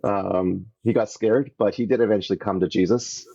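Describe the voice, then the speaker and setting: A man from Canada, a podcast guest, telling his story in an earnest, animated way and acting out the voices he quotes, on dull lo-fi audio. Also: on the low side, moderate pace, gravelly. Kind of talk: casual storytelling interview.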